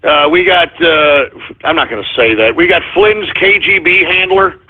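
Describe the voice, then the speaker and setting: Husky-voiced angry radio host, tinny sound. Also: male voice, fairly high pitch, moderate pace. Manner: mock-angry ranting, swearing, exasperated outbursts. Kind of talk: live internet talk radio, reading listener shout-outs. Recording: tinny, phone-like lo-fi audio.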